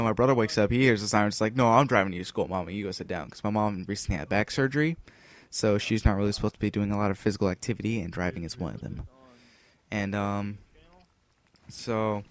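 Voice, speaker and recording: A teenage boy from the United States telling a rambling story over gameplay, full of fillers and restarts. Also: mid-range voice. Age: teens. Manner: rambling, filler-heavy, with restarts and acted-out quotes. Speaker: gameplay commentator.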